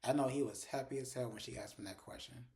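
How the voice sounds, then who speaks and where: A man's voice: mid-range voice, fast, a little mellow. A man giving a casual recap of a TV episode, voicing the characters' lines as he retells the scenes and swearing now and then. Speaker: TV episode reviewer.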